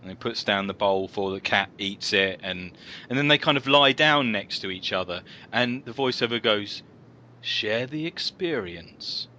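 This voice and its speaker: A man's voice: on the low side, normal speed, pushed and bright, muffled recording, slight background noise. A man co-hosting a comedy podcast, telling rambling stories in casual chat with lots of fillers and restarts. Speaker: podcast co-host.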